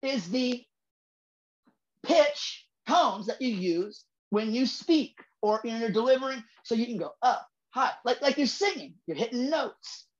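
A male comedian guest on a podcast, talking in a profane, emphatic way, building rhythm and bursting into shouts for emphasis. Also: very high-pitched, lively intonation, measured pace, lo-fi sound. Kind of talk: casual podcast chat.

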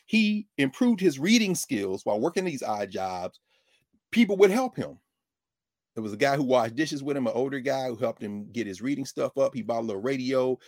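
Middle-aged male host, mid-pitch, digressive and lively storyteller, dry close sound. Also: dry recording. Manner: animated, digressive, self-correcting. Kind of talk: casual storytelling commentary.

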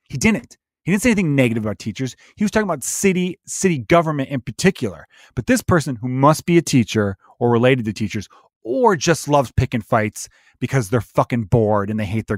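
A man's voice: mid-range voice, dry recording. Profane, ranting male podcaster, dry sound. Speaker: podcast host. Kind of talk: solo podcast rant.

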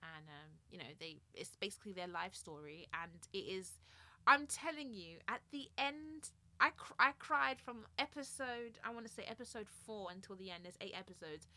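A young woman co-hosting a casual podcast chat, animated and laughing as she acts out her own reactions. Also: mid-range voice, moderate pace, dry recording. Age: 20s. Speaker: podcast co-host.

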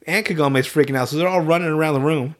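Animated, profane man recapping a cartoon. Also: fairly high pitch. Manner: profane, animated retelling with quick voiced asides. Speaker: podcast host. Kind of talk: casual chat, recapping an anime.

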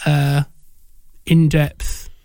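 A man's voice: on the high side, level tone, drawn-out words, gravelly, dark tone, smooth, dry recording, studio quality. A man co-hosting a casual film-discussion podcast, talking with frequent fillers and restarts. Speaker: podcast co-host.

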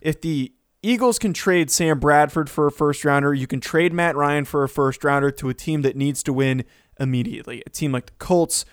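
A man co-hosting a sports podcast who lays out his case in a measured way and keeps the talk on track. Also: a little high, clear, resonant tone, dry recording, clean studio sound. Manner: measured, steers the talk, restarts often. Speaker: podcast co-host.

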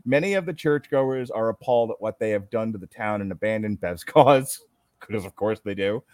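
A man's voice: on the low side, normal speed, a little mellow, dry recording. Wry man recapping a plot, dry mic. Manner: wry, sarcastic, laughs while reading. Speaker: podcast host. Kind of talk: reading a plot recap with casual asides.

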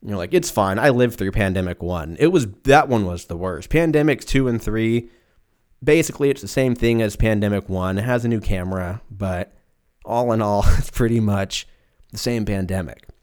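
A man in his twenties hosts a solo podcast from home, rambling, swearing freely and lapsing into silly, exaggerated voices. His pitch is fairly low, his speed normal, his tone darkish. He records in a room at home with the windows open.

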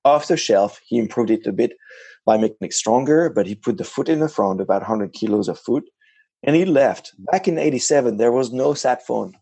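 A man with a low, gravelly voice with some fry, answering interview questions in relaxed, casual talk. He speaks in an animated way, stumbling and restarting as he goes. The recording is close and dry, with little room sound. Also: brisk, no echo. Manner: animated, self-correcting, frequent restarts. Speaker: ocean kayak adventurer, interview guest.

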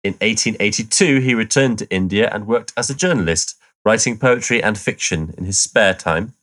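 Low-voiced man, easygoing. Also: moderate pace, a bit bright. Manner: easygoing, explains and laughs along. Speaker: podcast co-host. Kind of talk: casual chat, reading background notes.

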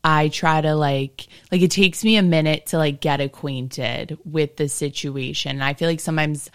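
A woman hosting a podcast and chatting casually with a guest, relaxed and full of "like" and "you know". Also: sits low, moderate pace, clean tone, dry recording, clean studio sound. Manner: laid-back, filler-heavy, often asks "you know?". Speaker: podcast host and comedian.

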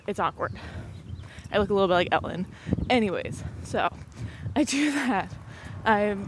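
Casual young woman host, chatty and breathless, mid-pitched voice, audible background noise. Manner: rambling, fast, swears casually, laughs often. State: a bit out of breath. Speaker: podcast host. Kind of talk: casual chat.

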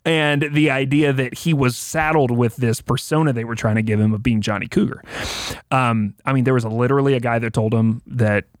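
A man's voice: mid-range voice, brisk, dry recording, studio quality. A man talking casually as a podcast guest, telling music history stories with lots of fillers and restarts. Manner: animated storyteller, fillers and restarts.

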